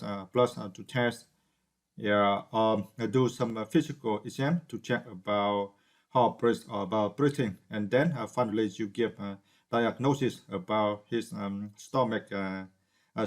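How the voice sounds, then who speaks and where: A man whose first language is Vietnamese, teaching English vocabulary off the cuff, with many hesitations and repeated checks like "right?". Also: fairly low pitch. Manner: hesitant, many fillers and restarts; asks "right?" to check understanding. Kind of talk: unscripted vocabulary lesson.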